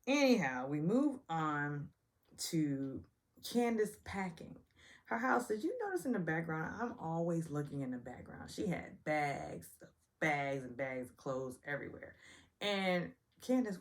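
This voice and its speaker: A woman's voice: deep voice, big pitch swings, moderate pace. A woman hosting a casual reality TV recap, chatty and sassy, often joking about her own stumbles. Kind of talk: casual episode review.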